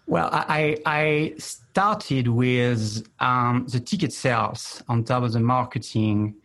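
Guest: French man, strong French accent, mid-pitched, measured, some restarts. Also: gravelly, fairly bright tone. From France. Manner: measured, slightly hesitant. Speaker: marketing executive guest. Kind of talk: interview talk.

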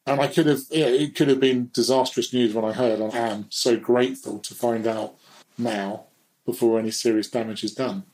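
A man's voice: medium pitch, steady tone, moderate pace, darkish tone, rough recording. Guy talking openly as a guest, reflective, chuckles at himself now and then. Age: adult. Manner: reflective, candid, laughs at himself. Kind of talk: candid conversational chat.

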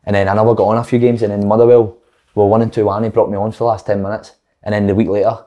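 Fast-talking Scottish footballer, swearing. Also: male voice, on the low side, muffled recording. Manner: swears freely, animated anecdotes. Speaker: former footballer guest. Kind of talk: casual storytelling chat.

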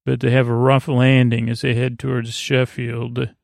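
A man hosting a sleep podcast, recapping an episode in a halting, rambling way with many fillers and restarts. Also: mid-range voice, monotone, creaky, darkish tone, no room sound, clean studio sound. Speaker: podcast host.

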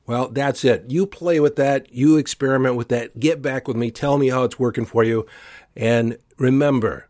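A man's voice: mid-range voice, fairly even intonation, normal speed, a little mellow, no room sound, clean studio sound. A man hosting a motivational podcast, talking earnestly and with emphasis as he coaches listeners. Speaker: podcast host. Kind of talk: motivational solo talk.

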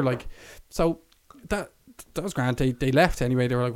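Young Irish man, podcast co-host, chatty storyteller, swears freely, mid-pitched voice. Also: fairly quick, few pauses, smooth, no room sound. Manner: swearing, laughing, acts out quotes in a raised voice. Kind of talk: casual chat, storytelling.

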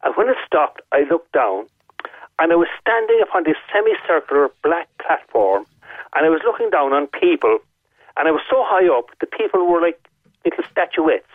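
An Irish man rings in to a radio show and walks through his story step by step, stressing the key moments by repeating them. His voice sits a little high for a man. It comes through a tinny phone line with no room around it. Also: very animated, moderate pace, no room sound. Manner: vivid, detailed storytelling with emphatic repetition. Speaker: caller. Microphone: telephone.

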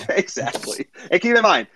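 A man's voice: high-pitched, sing-song, slow pace, background noise. A man in a casual online audio chat telling a sarcastic, profane story and acting out the other people's lines.

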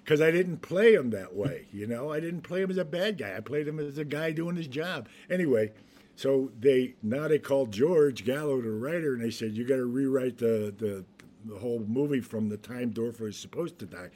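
Older man telling lively showbiz stories. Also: mid-range voice, normal speed. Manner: animated storyteller, acts out quotes, laughs often, many restarts. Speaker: actor guest. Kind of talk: anecdotal interview storytelling.

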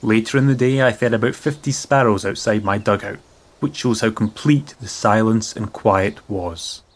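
Man reading as a young WWI officer, low voice. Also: normal speed, natural voice. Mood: reflective. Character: young British WWI officer writing a letter. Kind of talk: reading a wartime letter aloud.

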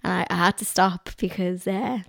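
A woman's voice: lowish voice, normal speed, gravelly, dry recording, clean studio sound. A woman with a North Dublin accent, chatting casually as a podcast guest at home and telling stories with frequent laughter. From Ireland. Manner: lively storyteller, laughs often. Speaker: guest, lifestyle blogger. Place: her home.

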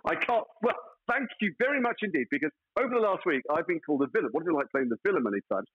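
A man's voice: on the high side, expressive, racing, dull audio, a little hiss or hum. A man, an actor guest in a casual interview, telling stories playfully with mock outrage.

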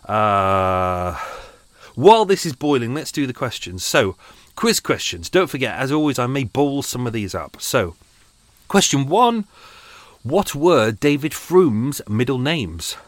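This podcast host records from a small room in his home on a boat, chatting casually with listeners and rambling with jokes at his own expense. His mid-range voice is sing-song and measured in pace, and the recording is dry.

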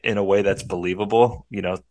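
A man with a fairly low voice talks through how he wrote and cast his film. He sounds relaxed and explanatory, like a guest in a podcast interview. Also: brisk. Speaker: filmmaker guest.

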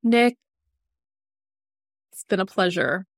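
A woman's voice: medium pitch, lively intonation, slow pace, creaky, dry recording, clean studio sound. A woman co-hosting a casual podcast chat, rambling with lots of "like"s and laughing often. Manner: giggly, rambling with many "like"s. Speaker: podcast co-host.

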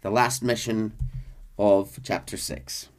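A man casually recapping a game's story for friends, lively, now and then dropping into gruff voices for the characters. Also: fairly low pitch, slow pace. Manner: lively narration, briefly voicing characters in gruff drawls. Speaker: storyteller recapping a game plot.

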